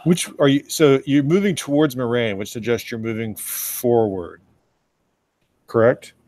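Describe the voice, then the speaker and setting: A man's voice: mid-range voice, unhurried, a little mellow. A man narrating as game master in a tabletop role-playing game, dry and teasing.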